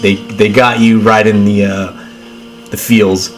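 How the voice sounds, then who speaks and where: A man's voice: on the low side, flat delivery, a little slow, soft background music. A young man hosting a casual movie watchalong stream, stammering and repeating his words and saying "dude" a lot. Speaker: livestream host.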